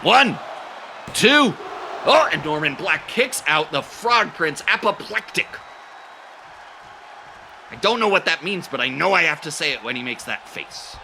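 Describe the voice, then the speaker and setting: A man's voice: fairly high pitch, normal speed, gravelly, a little hiss or hum. A man doing goofy play-by-play wrestling commentary, cracking silly jokes between calls. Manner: goofy, silly jokes, bursts into excited shouting.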